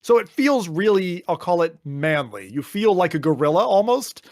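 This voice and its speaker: A man's voice: high voice, big pitch swings, normal speed, darkish tone, dry recording, clean studio sound. A man co-hosting a podcast, chatting casually and animatedly, slipping into mock voices and swearing. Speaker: podcast co-host. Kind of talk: casual chat.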